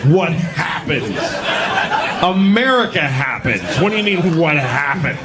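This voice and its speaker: A middle-aged man from New York doing a stand-up comedy set, telling stories with sudden high-pitched acted outbursts. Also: expressive, takes it slowly, long pauses, a crowd in the background. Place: comedy stage before a laughing audience.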